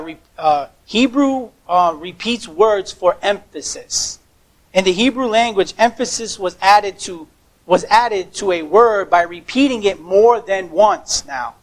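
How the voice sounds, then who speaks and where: A man's voice: sits high, rough recording. A man preaching a sermon as pastor, emphatic, stressing words by repeating them, with occasional stumbles.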